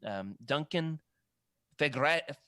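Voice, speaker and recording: A man's voice: a little high, animated, slow pace, pushed and bright, no room sound, clean studio sound. A man co-hosting a casual chat, rambling and correcting himself as he stumbles over names. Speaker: podcast co-host. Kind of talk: casual chat about comic art books.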